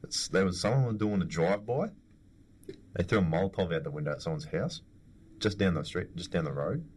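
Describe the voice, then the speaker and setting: Young aussie bloke, low deep voice, casual podcast yarn, bit of hiss behind. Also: male voice, a little fast, darkish tone. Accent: Australian. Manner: storytelling, joking, laughs often. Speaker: podcast co-host. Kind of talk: casual chat.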